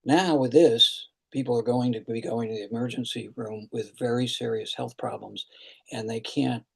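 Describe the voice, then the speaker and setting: A man's voice: medium pitch, steady tone, normal speed, vocal fry, slightly rough. An older man hosting a virtual town hall as a congressman, answering questions earnestly with frequent restarts and fillers, heard over a video call.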